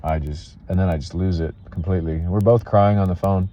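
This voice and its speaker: A man telling an emotional personal story in a halting, earnest way, full of restarts and fillers. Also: deep voice, fairly even intonation, mellow, lo-fi sound, a little hiss or hum.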